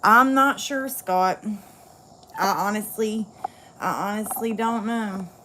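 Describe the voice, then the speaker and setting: A woman's voice: medium pitch, takes it slowly, pushed and bright, slight background noise. A woman venting bluntly and candidly to viewers in a casual livestream chat.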